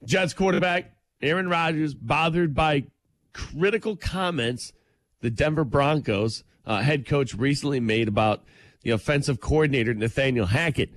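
A man's voice: on the high side, moderate pace, no echo. A man co-hosting a morning radio show, joking around in casual banter and reading sports news. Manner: loose, joking, playful. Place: radio studio.

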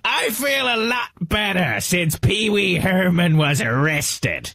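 A squawking nasal comedian. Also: male voice, high voice, very animated, slow pace, dry recording, studio quality, pitched above the performer's own voice, full character voice. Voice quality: loud, squawking.

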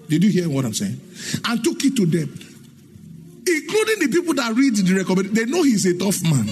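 High, lively preaching man. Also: quick pace, faint music behind. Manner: emphatic preaching, sing-song rises, asks the congregation questions; acts out dialogue in his stories. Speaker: pastor. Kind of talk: sermon.

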